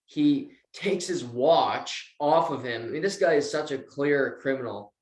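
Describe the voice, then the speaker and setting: A man's voice: fairly high pitch, normal speed. A man casually recapping a TV episode as co-host, acting out the characters' lines as he tells it. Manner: animated retelling, acts out quotes. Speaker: podcast co-host. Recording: roomy echo.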